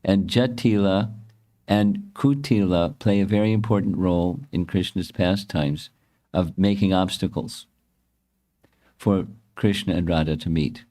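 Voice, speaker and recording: A man giving a devotional storytelling lecture as a spiritual teacher, pausing and correcting himself often. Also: low-pitched, fairly even intonation, dark tone. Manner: halting, frequent self-corrections and restarts.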